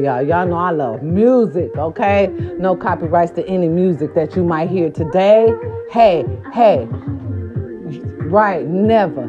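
Profane, animated woman vlogger storytelling. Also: fairly low pitch. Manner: animated, profane, preachy, shifts into quoted voices. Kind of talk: casual storytelling and pep talk. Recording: dull lo-fi recording with faint music.

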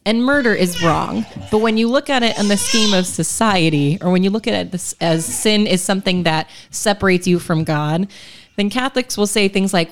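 A woman co-hosting a faith podcast, explaining ideas in a measured way. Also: medium pitch, background noise. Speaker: podcast co-host. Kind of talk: casual chat.

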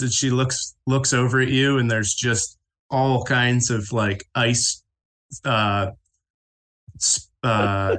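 Halting man narrating as game master. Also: medium pitch, a bit bright. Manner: halting, laughs often.

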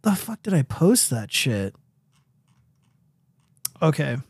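Young male stream host, high voice, dry close sound, rambling and profane, reads chat aloud. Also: big pitch swings, slow pace, a little mellow, breathy edge, dry recording. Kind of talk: casual livestream chat.

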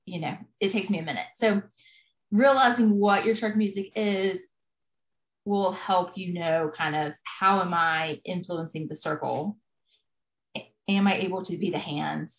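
A woman's voice: on the low side, unhurried. A woman in her thirties, a family therapist, explaining things earnestly in a conversational interview with frequent fillers. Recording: echoey, dull lo-fi sound.

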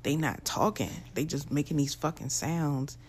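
A woman's voice: low-pitched, steady tone, moderate pace, a little hiss or hum. A young woman, ranting bluntly and profanely to camera in a casual vlog. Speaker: vlogger.

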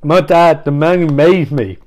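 A man's voice: fairly high pitch, unhurried, darkish tone, natural voice. A man voicing a melodramatic male Frankenstein monster who pleads in a mock-solemn way. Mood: brooding.

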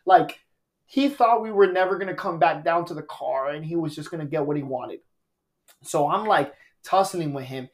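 A man's voice: a little high, moderate pace. A man, a stand-up comedian, telling a story on a podcast in a casual, profane way and acting out quotes. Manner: animated, profane, acts out quotes.

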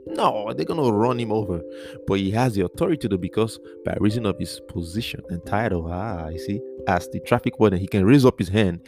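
Low-voiced man teaching over guitar. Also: animated, a little fast. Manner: earnest, repetitive, spells out words letter by letter. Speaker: Bible teacher. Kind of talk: podcast Bible teaching.

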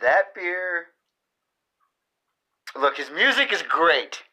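A man's voice: a little high, very animated, extremely slow, bright, forceful tone, low-quality recording. A man hosting a podcast, chatting over beers with a teasing, sarcastic, joking manner. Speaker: podcast host. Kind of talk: casual chat over beers.

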